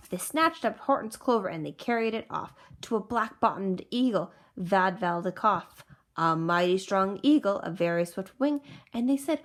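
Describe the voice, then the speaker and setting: A woman's voice: medium pitch, moderate pace. Woman reading a rhyming story aloud. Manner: rhythmic, expressive reading. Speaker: teacher.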